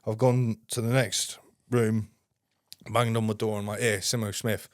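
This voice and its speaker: A man with a fairly low voice tells a story as a podcast guest, blunt and casual and swearing all the time. His voice is close and dry, with no room sound. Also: flat delivery, a little slow, no echo.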